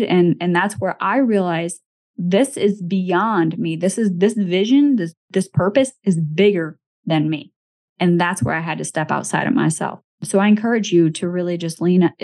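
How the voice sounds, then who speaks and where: Low-voiced woman, emphatic podcast host. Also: a little fast, a little mellow. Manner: emphatic, motivational, often tags lines with "right?". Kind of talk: casual chat.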